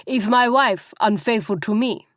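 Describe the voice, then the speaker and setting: A woman's voice: a little high, unhurried, a bit bright, dry recording, clean studio sound. A woman voicing a male cab driver who speaks broken English in a cheerful, matter-of-fact way. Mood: blunt.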